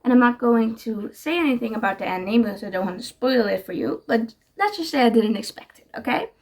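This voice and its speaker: A woman's voice: fairly high pitch, lively intonation, fairly quick, darkish tone. A young woman chatting casually in her reading vlog, gushing and giggly about the books she's read. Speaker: book vlogger.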